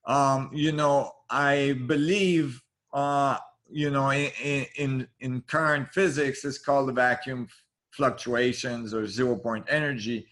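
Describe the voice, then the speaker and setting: A man's voice: medium pitch, fairly even intonation, slow, a bit bright. A man who is a guest in an interview, explaining ideas earnestly and checking in with the listener as he goes.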